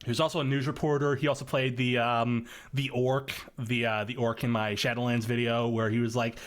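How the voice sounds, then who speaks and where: A man's voice: mid-range voice, level tone, fairly quick, few pauses. A young man guest on a podcast, talking casually and rambling with many fillers. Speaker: podcast guest, machinima creator.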